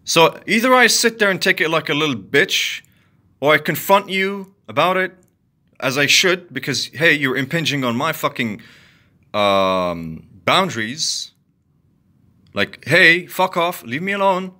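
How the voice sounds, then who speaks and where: A man ranting angrily to the camera, profane and repetitive, swinging from loud outbursts to low muttering. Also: animated, a little slow. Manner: heated, profane, repetitive venting. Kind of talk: angry solo rant to camera.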